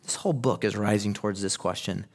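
A man's voice: on the low side, quick pace. Emphatic male preacher. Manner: emphatic, swings from hushed to loud; rhetorical questions to the listener. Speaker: pastor. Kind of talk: sermon.

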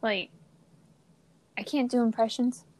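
A young woman co-hosting a podcast in casual chat, playful and giggly with quick asides. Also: fairly high pitch, fairly even intonation, warm tone. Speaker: podcast co-host.

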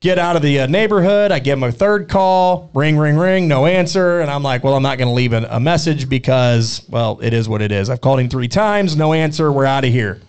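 Animated man telling a rambling story. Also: medium pitch, brisk, few pauses, clean tone. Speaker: podcast co-host. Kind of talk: casual storytelling.

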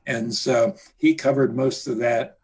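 A man being interviewed, reminiscing in a halting way with repeated words and many fillers. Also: medium pitch, fairly even intonation, a little mellow, slightly rough. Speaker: interview guest, trade journalist.

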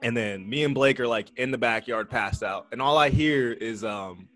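A young man with a medium voice tells a rowdy party story on a casual podcast. He talks loosely, swears freely and laughs at his own mishaps. Soft music plays faintly in the background. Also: medium pitch, moderate pace. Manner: animated, profane, laughing through a party story. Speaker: podcast co-host.

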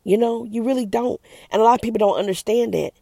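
A middle-aged woman speaks to camera as an evangelist, earnest and emphatic in a preachy testimony. Her voice is gravelly with a rough edge. It is recorded dry and close, with no room sound. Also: on the high side, fast, mellow, no echo.

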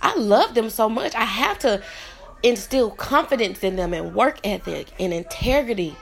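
A woman's voice: a little high, lively intonation, moderate pace, vocal fry. Earnest, heartfelt woman podcast host. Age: 30s. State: tearful at times. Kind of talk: motivational solo podcast talk.

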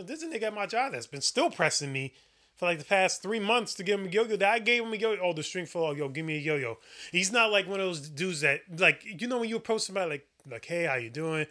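A man in casual podcast chat, ranting and swearing with animated delivery. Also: sits high.

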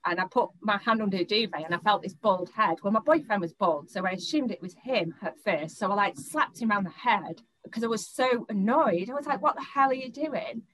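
Telling her personal story to an interviewer, a young woman speaks in a mid-pitched, a bit bright voice, halting often, starting sentences over, and repeating words while she thinks. The recording is rough.

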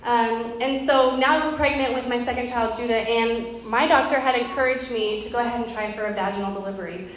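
A woman in her thirties preaches to her church in an earnest, conversational way, her voice sitting a little high. Her words ring out through a very reverberant hall, with a faint hiss of background noise underneath. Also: steady tone, brisk, few pauses. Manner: earnest, conversational, with personal storytelling. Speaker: pastor. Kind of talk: sermon. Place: church sanctuary.

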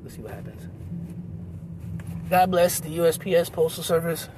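Rambling, profane man, high voice. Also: animated, moderate pace, noisy background. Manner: rambling, profane, self-mocking. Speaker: comedian. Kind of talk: casual monologue recording. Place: outdoors in a park. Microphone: phone.

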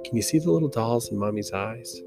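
A dreamy, loving young mother speaking in a tender, hushed way, voiced by a male storyteller. Gentle plucked guitar plays underneath. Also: mid-range voice, lively intonation, fairly quick, lightly acted. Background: soft guitar music.

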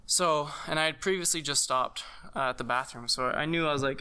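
A young man telling a personal story in casual conversation, halting, with many fillers and restarts. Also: a little high, sharp tone, clean tone. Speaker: guest sharing a personal story.

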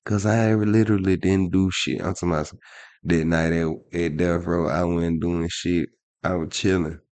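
A man's voice: low-pitched, level tone, moderate pace, a little mellow, no echo. A man co-hosting a podcast, telling a rambling, profane story in casual chat with lots of restarts. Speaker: podcast co-host.

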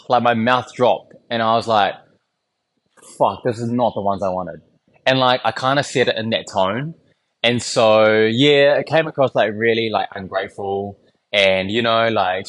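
A young man with a fairly low, fairly bright voice rambles through a story on his solo podcast, recorded in a small home studio. His storytelling is candid and casual, with frequent swearing and laughter between thoughts.

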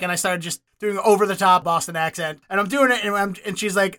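A man who works as an actor, telling animated stories in casual chat, laughing and cursing now and then. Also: sits high, fast, few pauses. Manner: animated, swearing, laughing storyteller.

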